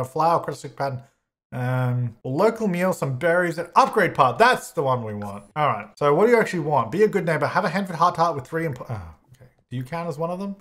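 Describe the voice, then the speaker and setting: A man's voice: a little high, a bit bright. A man hosting a casual let's-play, chatting to the game's characters and exclaiming at glitches as he goes. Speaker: gaming channel host.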